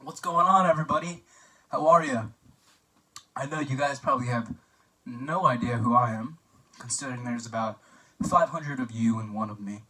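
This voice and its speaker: A man's voice: medium pitch, normal speed, long pauses, sharp tone. Chatty young man toasting from a distance. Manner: chatty and joking, with filler words and anecdotes. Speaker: best man giving a wedding toast. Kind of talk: mock wedding toast for a class assignment.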